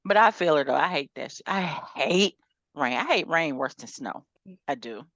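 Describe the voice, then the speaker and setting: A woman's voice: low-pitched, lively intonation, normal speed, fairly bright tone, no echo, lo-fi sound. A woman co-hosting a podcast, chatting casually in a laid-back, slangy storytelling way. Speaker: podcast co-host. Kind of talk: casual chat.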